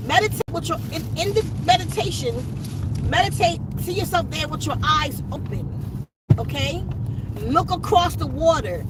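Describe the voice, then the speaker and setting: High-voiced woman teaching from a noisy car. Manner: emphatic, repeats instructions to viewers; addresses audience as y'all. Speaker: spiritual channel host. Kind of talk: casual spiritual teaching while driving. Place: inside a moving car with the window down. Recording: noisy car interior with road noise.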